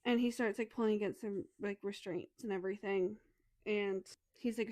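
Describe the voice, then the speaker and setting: A woman co-hosting a casual book podcast, retelling a story's scenes with lots of swearing and quick acted-out dialogue. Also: medium pitch, expressive, a little mellow, no echo. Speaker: podcast co-host. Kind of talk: casual book review chat.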